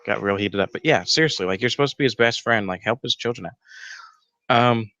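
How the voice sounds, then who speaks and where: A man's voice: medium pitch, brisk, sharp tone, dull audio. A man hosting a casual fan theory show from home, rambling with lots of fillers and the odd swear. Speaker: YouTube show host. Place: home room with a roommate nearby.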